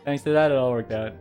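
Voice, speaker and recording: A man's voice: a little high, darkish tone. Rambling male streamer, faint guitar behind. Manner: rambling, many fillers and restarts. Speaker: virtual streamer. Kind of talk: casual stream chat.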